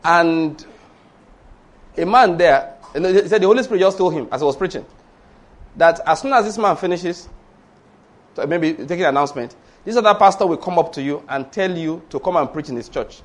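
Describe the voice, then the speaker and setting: A man preaching a storytelling sermon, swinging between hushed asides and loud exclamations. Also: fairly high pitch, expressive, a little fast, long pauses.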